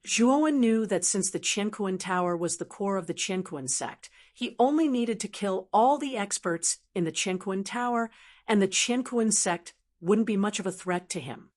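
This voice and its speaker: A woman reading an audiobook as narrator in a steady, even narration. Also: mid-range voice, normal speed. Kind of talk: scripted narration.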